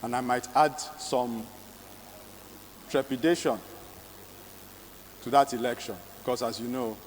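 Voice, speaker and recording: A man giving a measured, somewhat hesitant campaign speech at a live event. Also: medium pitch, steady tone, a little hiss or hum. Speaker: political candidate. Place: large event hall. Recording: reverberant hall, mic at a distance.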